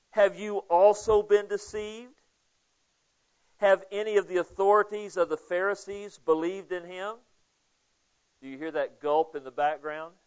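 A man preaching a casual, conversational Bible study sermon, asking listeners questions by name. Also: on the high side. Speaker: pastor. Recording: dull lo-fi sound.

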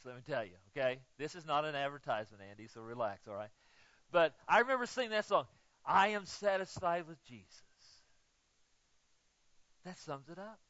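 A pastor preaching a sermon, swinging from loud emphatic lines to soft, low ones. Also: male voice, no echo. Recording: dull, muffled, dry sound.

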